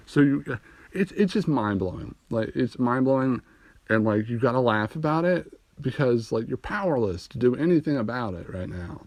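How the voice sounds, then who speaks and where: A man's voice: mid-range voice, animated, moderate pace, darkish tone, no echo. A young man doing a rambling, profane stand-up comedy monologue and laughing at his own jokes, recorded on a phone. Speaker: amateur comedian.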